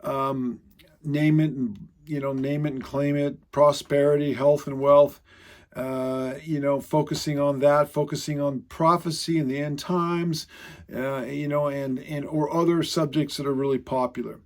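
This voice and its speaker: Rambling man teaching scripture, fairly high voice. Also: flat delivery, unhurried. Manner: rambling, self-correcting, frequent filler sounds. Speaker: online congregation teacher. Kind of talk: casual Bible teaching video.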